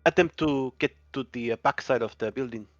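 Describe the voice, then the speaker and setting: A man's voice: medium pitch, fairly quick, no room sound, highs cut off. A man playing a tabletop game, thinking aloud in a tentative way. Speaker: player.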